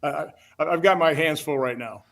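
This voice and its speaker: An older man from Wisconsin, a senator talking in an interview in a plain-spoken, halting way full of restarts. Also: on the high side, a bit bright. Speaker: guest, senator.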